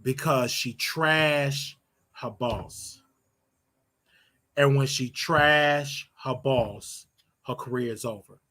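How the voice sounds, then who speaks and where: A man's voice: mid-range voice, very slow, pauses often, bright, forceful tone. An older man hosting his own show, giving a brash, scolding commentary monologue and drawing out words for emphasis. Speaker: show host.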